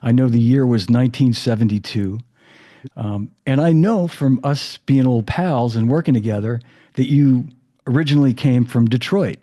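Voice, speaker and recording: Male podcast host, effusive, chatty, mellow dark tone, medium pitch. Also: normal speed. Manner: warm, effusive, chatty with fillers. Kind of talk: casual interview chat.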